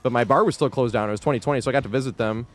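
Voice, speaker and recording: A man's voice: mid-range voice, very fast. A man streaming a game live, chatting casually with viewers, swearing freely, laughing often and thanking supporters as he plays. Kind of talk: live gameplay commentary.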